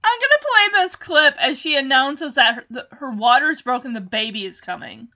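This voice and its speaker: A woman chatting through a sitcom recap. Her voice is high and bright, and it swings widely in pitch. The recording sounds a bit dull and muffled. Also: animated, moderate pace. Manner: chatty, acts out characters' lines. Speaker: show recap host. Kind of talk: casual episode recap.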